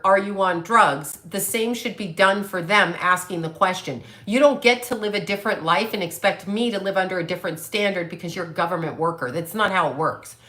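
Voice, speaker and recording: Fairly low in pitch and sharp in tone, this woman's voice carries a casual livestream where she reads out viewer comments. She's a psychic medium in her late fifties who answers bluntly, with plenty of profanity.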